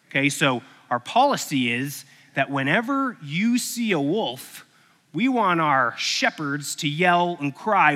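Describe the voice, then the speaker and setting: Speaking at a measured pace in a slightly high voice, a preacher acts out a story with animation before he begins teaching. The sermon echoes through a hall.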